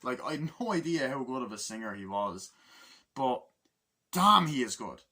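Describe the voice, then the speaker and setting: A man's voice: medium pitch, normal speed, breathy edge. A man giving a casual spoken film review, swearing freely and acting out scenes in sudden outbursts. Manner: profane and excitable, acts out scenes in bursts. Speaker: movie reviewer.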